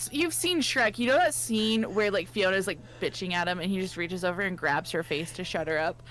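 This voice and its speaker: A woman's voice: on the low side, brisk, a bit bright. A young woman co-hosting a game let's play, dropping dry quips and laughing easily in casual chat.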